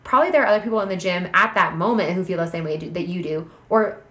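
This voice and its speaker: A fast-talking woman co-hosting a casual podcast, chatty and full of fillers. Her slightly low voice rings in a roomy, echoey space. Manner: chatty, animated, many fillers. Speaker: podcast co-host. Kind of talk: casual chat.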